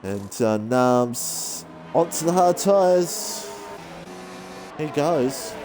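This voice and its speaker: A man commentating a sim racing league race, excitable and self-deprecating, his voice jumping high when battles get close. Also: extremely slow, soft background music.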